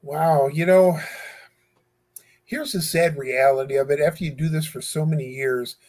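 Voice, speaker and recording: In a casual interview, a guest who exchanges letters with death row inmates speaks earnestly and hesitantly, filling his talk with fillers and restarts. His voice is on the high side and darkish, with fairly even intonation at a normal speed.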